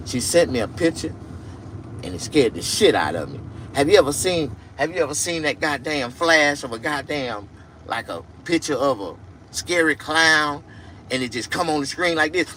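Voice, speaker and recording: A man telling crude comic stories, shouting and shrieking for effect. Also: medium pitch, animated, normal speed, slight background noise. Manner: crude, loud, shrieking storytelling. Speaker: comedian. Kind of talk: comic monologue.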